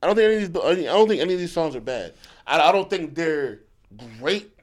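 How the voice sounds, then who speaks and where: A man in a casual podcast conversation, his voice sitting a little high and bouncing all over the place. He talks in bursts, gets loud to make a point, then drops to a mutter. His sentences trail off and restart. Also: expressive, fast talker. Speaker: podcast co-host. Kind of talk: casual chat.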